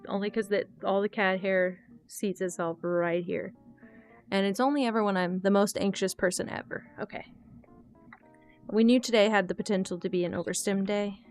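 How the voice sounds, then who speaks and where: This young streamer has a medium-pitched, slightly mellow voice. While gaming live, she chats candidly and ramblingly, thinking aloud and responding to chat, with faint guitar music in the background.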